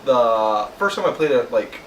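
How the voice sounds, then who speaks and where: A young man co-hosting a podcast, rambling and joking with teasing jabs in an easy, mid-pitched voice. He sits back from the mic in an echoey room, with a faint hiss underneath. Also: animated, measured pace, fairly bright tone, distant mic. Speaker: podcast co-host. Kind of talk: casual chat.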